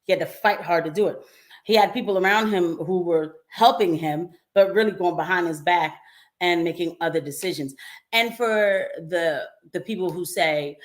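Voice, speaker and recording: Young woman livestream host, slightly low voice, chatty and animated, laughs often and talks to her viewers in asides. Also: moderate pace. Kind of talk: casual political commentary livestream.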